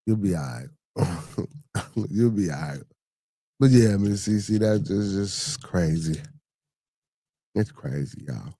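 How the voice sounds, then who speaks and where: A man's voice: lowish voice, lively intonation, takes it slowly, pauses often, dark tone, no room sound. A man hosting a casual podcast live stream, reading the chat and answering viewers in loose slang. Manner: laid-back, talks back to chatters with loose slang.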